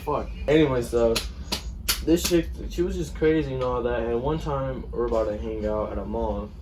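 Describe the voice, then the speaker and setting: A young man rambles through a story among friends, swearing freely and acting out both sides of the dialogue. His voice sits at a middling pitch and is picked up from a distance, with faint hiss and room sound behind him. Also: normal speed. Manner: rambling, profane, retells with quoted dialogue. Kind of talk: casual storytime chat. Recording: distant mic with faint noise.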